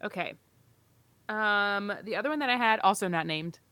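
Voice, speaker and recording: A woman's voice: medium pitch, moderate pace, bright, forceful tone. Easygoing female podcast co-host. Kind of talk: casual chat.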